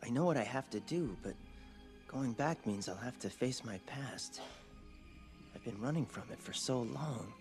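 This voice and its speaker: An actor voicing a young adult male lion in an animated film, earnest and weary, reluctant to face his past. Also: medium pitch, moderate pace, over music, close to an everyday voice. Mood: troubled.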